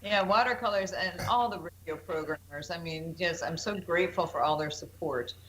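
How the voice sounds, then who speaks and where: A woman guest chats casually on an internet radio show, grateful and a little coy as she teases what is coming next. Her voice sits on the low side. A clear hiss runs under the recording. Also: normal speed, a bit bright, rough recording. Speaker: musician guest.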